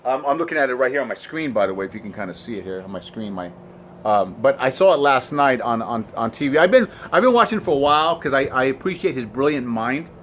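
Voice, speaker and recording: A man's voice: medium pitch, expressive, fast, fairly bright tone, slight background noise. A man giving an inspirational vlog monologue from his computer, earnest and emotional, often trailing off and restarting his sentences. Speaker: vlogger.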